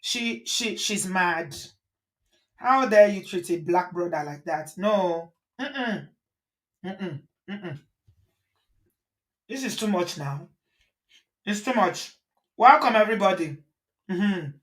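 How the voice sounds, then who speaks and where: A woman host giving an animated, indignant commentary, firing off rhetorical questions. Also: medium pitch, slow, pauses often. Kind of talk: casual commentary.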